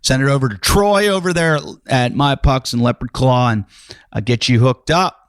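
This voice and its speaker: A male podcast host talking loosely and casually, full of ums and uhs and quick self-deprecating jokes. His voice sits at an ordinary middle pitch. The recording is close and dry, with no room sound. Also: smooth, dry recording. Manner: rambling, lots of fillers and self-mocking asides. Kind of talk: casual podcast intro and chat.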